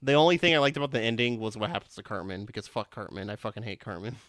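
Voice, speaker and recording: A man's voice: lowish voice, animated, racing, a bit bright. A young man hosting a casual podcast, rambling with lots of swearing and restarts. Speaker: podcast host.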